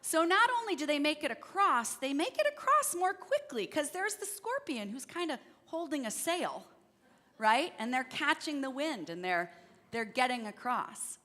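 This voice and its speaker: A woman leading a church service, telling a fable gently and asking her listeners questions. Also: high voice, sing-song, normal speed. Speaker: worship leader. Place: church sanctuary. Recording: church hall reverb.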